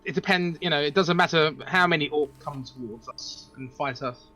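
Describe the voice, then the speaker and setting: A man playing a tabletop game, joking and talking in halting bursts. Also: a little high, bright, forceful tone, poor audio. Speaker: player. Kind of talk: casual tabletop play.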